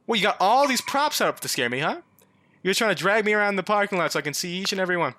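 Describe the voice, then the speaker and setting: Lively bright-voiced man pleading and yelling. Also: sits high, fast. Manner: pleading and joking, bursts into yelps and swearing. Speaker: gaming YouTuber. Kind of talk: comedic let's-play commentary.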